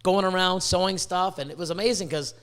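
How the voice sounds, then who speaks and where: A Canadian man hosting a podcast, ranting excitably with lots of swearing and stumbling restarts. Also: high-pitched, fairly quick, clear, resonant tone. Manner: profane, excitable, with many restarts. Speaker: podcast host. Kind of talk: casual podcast rant.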